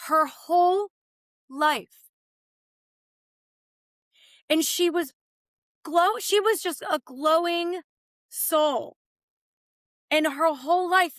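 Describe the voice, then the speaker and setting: A woman's voice: high-pitched, fairly bright tone, no room sound. A woman hosting a podcast, telling a personal story in emphatic, conversational chat. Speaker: podcast host.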